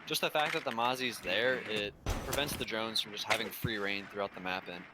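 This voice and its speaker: Fast-talking male esports caster. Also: fairly low pitch, noisy background. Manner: quick, eager, casual calls. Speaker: esports commentator. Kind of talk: play-by-play game commentary.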